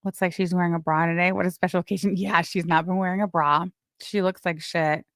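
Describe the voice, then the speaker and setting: A woman hosting a live stream, giving casual gossip commentary in a blunt, crude way with sudden loud, excited bursts. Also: fairly low pitch, fairly quick, dry recording, clean studio sound. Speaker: livestream host.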